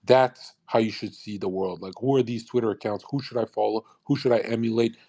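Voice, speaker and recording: A man's voice: fairly low pitch, creaky, dark tone. Profane, sarcastic young man ranting. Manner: profane, sarcastic, fast bursts, laughs at own jokes. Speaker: streamer hosting a live audio room. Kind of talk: unscripted rant on a live audio stream.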